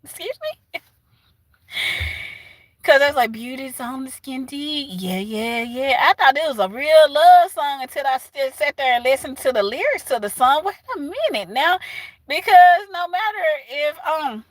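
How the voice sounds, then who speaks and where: A woman with a Southern US accent chatting casually with her livestream viewers, animated and laughing often. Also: high voice, normal speed, dry recording. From southern United States. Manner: animated, laughs often, talks back to chat. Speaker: livestream host.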